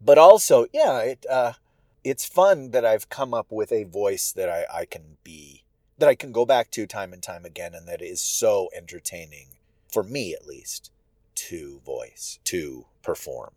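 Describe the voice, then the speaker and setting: A man talks unhurriedly about his own writing, and his pitch rises and falls freely as he muses aloud. His tone is self-amused and reflective. The sound is dry and close, with no room echo. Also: a little slow. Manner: musing, animated, self-amused. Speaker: writer and audio drama performer. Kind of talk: casual reflective monologue.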